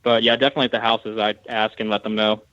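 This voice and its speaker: A young man being interviewed as a guest, giving quick, relaxed answers in casual chat over a dull remote line. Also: lowish voice, no room sound. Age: young adult.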